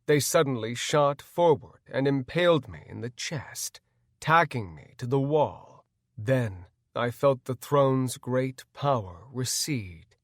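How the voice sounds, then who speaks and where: A man narrating a fantasy audiobook in the first person, measured and expressive. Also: medium pitch, dry recording, studio quality.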